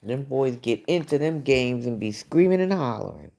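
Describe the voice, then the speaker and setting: A woman's voice: a bass voice, lively intonation, normal speed, vocal fry, mellow. A middle-aged woman hosting a late-night livestream, chatting bluntly and casually with viewers and reacting to their comments. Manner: blunt, chatty, frequent "you know". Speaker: livestream host.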